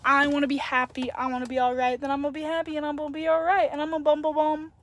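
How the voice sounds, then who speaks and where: A woman's voice: sits high, rapid-fire. A young woman telling a story to her phone in a casual, chatty vlog, acting out the dialogue. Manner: chatty, animated, acts out dialogue. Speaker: vlogger.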